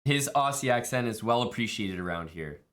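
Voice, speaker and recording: A man's voice: mid-range voice, animated, fairly quick, a bit bright. A man streaming live, chatting casually with viewers and thanking them, laid-back and jokey. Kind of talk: casual stream chat, reading viewer messages.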